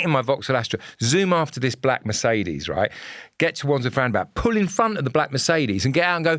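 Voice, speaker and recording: A man's voice: mid-range voice, quick pace, no room sound, clean studio sound. A middle-aged man, an actor and guest, telling anecdotes in casual chat and acting out the people in them. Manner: animated storyteller acting out the people in his stories.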